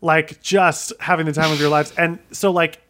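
A man's voice: fairly high pitch, level tone, moderate pace, a bit bright, a little hiss or hum. A young man telling stories in a casual chat, using lots of "like" fillers. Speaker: guest.

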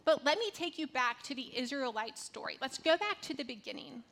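A woman's voice: sits high, lively intonation, fairly quick, gravelly, a bit bright, a little hiss or hum. A woman in her thirties from North Carolina giving a conversational devotional talk, telling a personal story with casual fillers.

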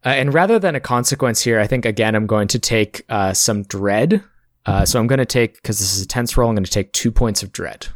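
A man running a tabletop game as game master, narrating scenes in a measured way with small pauses and restarts. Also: on the low side, no room sound, clean studio sound.

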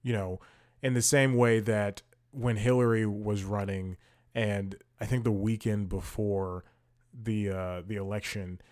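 A man with a slightly low voice talks through his opinions as a podcast host. He rambles, stumbling over fillers and restarting sentences as he thinks out loud. His delivery is casual and unscripted. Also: steady tone, measured pace. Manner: opinionated, thinks aloud while scrolling. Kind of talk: casual commentary.

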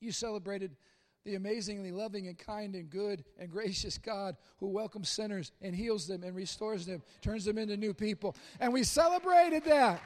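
A man preaching with a very high voice, lively and theatrical. He acts out scenes and bursts into shouts at his peaks. The sound rings with the long echo of a big hall. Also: moderate pace. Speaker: pastor. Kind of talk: sermon.

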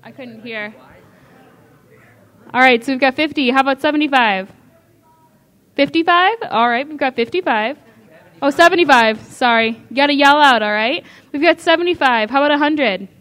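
High-voiced woman calling an auction. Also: fairly bright tone. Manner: brisk, repeats bids, coaxing. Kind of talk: live charity auction calling.

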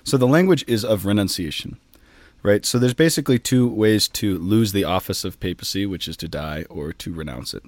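A man's voice: lowish voice, brisk, no room sound. A man who is a priest, co-hosting a casual podcast and explaining church matters with chatty asides and jokes.

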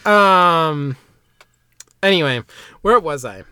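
A man's voice: a little high, lively intonation, slow, bright, forceful tone, slight background noise. A man hosting a casual podcast, recapping an anime episode in a rambling way with lots of fillers and asides. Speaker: podcast host summarizing an anime. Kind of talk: casual chat.

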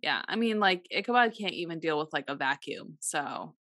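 A woman's voice: deep voice, expressive, normal speed, a bit bright, no echo, studio quality. A woman co-hosting a casual chat, backing up her partner with frequent yeahs and sharing her own story. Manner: supportive listener, frequent yeahs.

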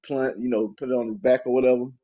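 A man with a Southern US accent, co-hosting a podcast, telling crude stories in a low-key, mumbled way. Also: level tone, very fast, dark tone. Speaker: podcast co-host. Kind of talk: casual storytelling chat.

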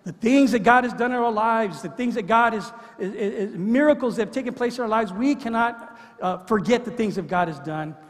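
A man's voice: high voice, normal speed. A middle-aged man preaching a sermon in an earnest way, often repeating words as he builds his point. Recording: long hall reverb.

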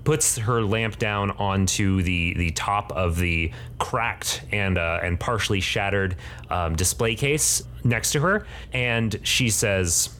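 A man's voice: lowish voice, slow, fairly bright tone, a little hiss or hum. A man narrating as game master for a tabletop game, hesitant with many fillers.

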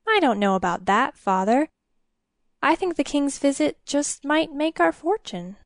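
A woman's voice: sits high, big pitch swings, measured pace, no echo, studio quality, pitched above the performer's own voice, exaggerated voice. A woman voicing a playful, teasing young village woman with a lilting voice.

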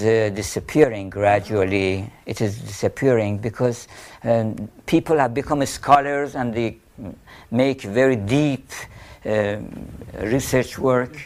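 A man's voice: mid-range voice, darkish tone. A man with a Persian accent explaining poetry in an interview, telling anecdotes and chanting rhythms aloud. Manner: storytelling, chanting poetic rhythms. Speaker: poet and painter teaching Persian poetry.

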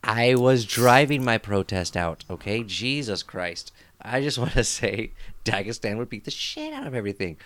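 A man's voice: mid-range voice, very animated, normal speed, fairly bright tone. A man co-hosting a podcast, joking through casual banter with his friends and laughing often. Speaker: podcast co-host.

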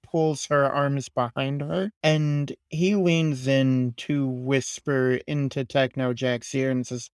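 Role: game master. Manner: slow, measured narration. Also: male voice, medium pitch, fairly even intonation, clean tone, no room sound.

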